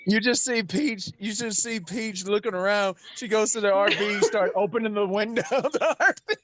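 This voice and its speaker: A woman's voice: medium pitch, moderate pace. A woman narrating as game master, blunt and crude, laughing as she talks. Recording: clear background noise.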